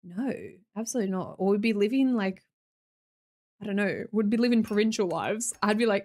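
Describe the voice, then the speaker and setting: A woman's voice: mid-range voice, fairly quick, darkish tone. A young Australian woman streamer chatting casually with her viewers, blunt and sweary, laughing often.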